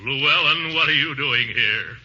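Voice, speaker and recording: An actor playing a pompous, easily flustered middle-aged uncle, blustering in 1940s radio comedy style, with sudden high whoops. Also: male voice, unhurried, sharp tone. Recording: scratchy dull 1940s radio broadcast with faint hiss.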